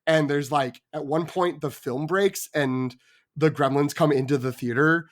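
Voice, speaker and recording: A man's voice: fairly high pitch, moderate pace. Rambling, stammering podcast host man. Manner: rambling storyteller with stammered restarts. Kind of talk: casual chat.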